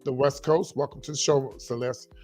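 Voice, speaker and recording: A man's voice: medium pitch, fairly even intonation, normal speed, a little mellow, soft background music. A middle-aged man hosting a casual livestream, chatting with viewers, repeating himself and calling them y'all. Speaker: livestream host. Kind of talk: casual livestream chat reading viewer comments.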